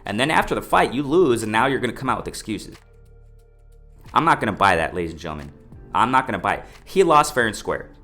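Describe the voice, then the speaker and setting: A man's voice: fast, faint music behind. Emphatic man ranting about boxing. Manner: emphatic, repetitive, addresses viewers as ladies and gentlemen; lively pitch swings, mimics others in raised voice. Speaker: boxing commentary vlogger. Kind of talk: opinionated casual commentary.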